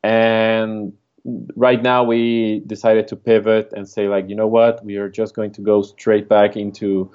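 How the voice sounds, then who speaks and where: A man's voice: fairly low pitch, monotone, measured pace, a little mellow, clean tone, muffled recording. A man with a Spanish accent, a startup co-founder, chatting easily as a guest in a casual podcast interview.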